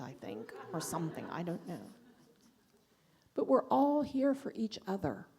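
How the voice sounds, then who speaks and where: A woman's voice: mid-range voice, mellow, husky. A woman giving a sermon as minister in a church, speaking in an affirming, reflective way and reading an affirmation aloud. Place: church sanctuary.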